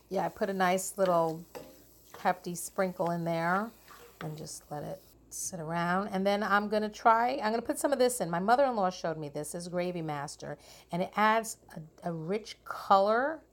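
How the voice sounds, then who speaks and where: Chatty woman cooking at home, lower-pitched. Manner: chatty, with frequent ums and self-corrections. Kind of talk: casual cooking vlog. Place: home kitchen.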